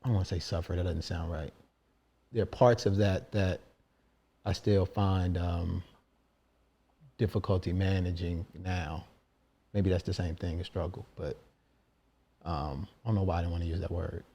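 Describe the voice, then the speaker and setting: Very deep, mellow man, dull recording. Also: fairly even intonation, normal speed, long pauses, husky. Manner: soft-spoken, hesitant, self-correcting. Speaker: podcast host. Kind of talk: casual interview chat. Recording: dull lo-fi sound.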